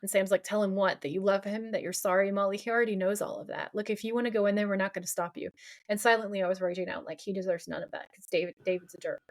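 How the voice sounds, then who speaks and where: Co-hosting a podcast, a woman retells a TV episode in casual chat, quoting lines and ranting along the way. She speaks fast, in a medium-pitched, steady voice.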